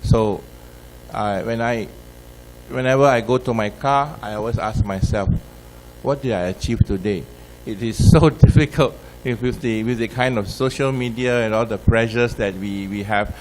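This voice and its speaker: Malaysian-accented editor guy on a panel, calm and reflective, faint hiss behind. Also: fairly low pitch, normal speed, low-quality recording. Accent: Malaysian English. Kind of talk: panel discussion.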